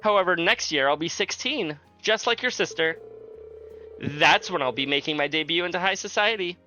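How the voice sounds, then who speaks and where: Man doing a teasing young princess, girlish raised voice, polite, bright forceful tone, music behind. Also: a little high, animated, moderate pace. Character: young princess, girl of fifteen, playful and teasing. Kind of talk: reading game dialogue aloud on a livestream.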